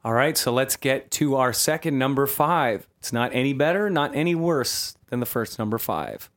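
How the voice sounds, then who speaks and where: Man, podcast host, comedy sketch, lively swooping pitch, high startled exclamations. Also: moderate pace.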